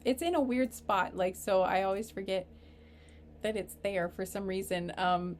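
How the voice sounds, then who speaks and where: A woman giving a casual tarot reading, rambling and halting, earnest and openly emotional. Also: medium pitch, slight background noise. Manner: rambling, halting, full of fillers and restarts. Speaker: tarot reader. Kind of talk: casual spiritual reading to camera.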